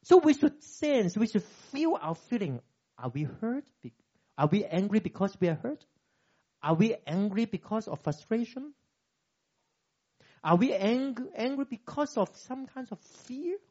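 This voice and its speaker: Animated preacher man, lo-fi recording. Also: measured pace. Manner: animated, acts out quoted dialogue with big pitch jumps. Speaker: pastor. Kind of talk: sermon.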